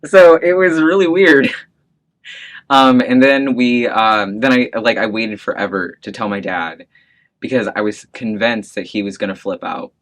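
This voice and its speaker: A man's voice: medium pitch, a little slow, fairly bright tone. A man in his thirties telling a personal story in an oral history interview, with many fillers and restarts and frequent laughter. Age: 30s.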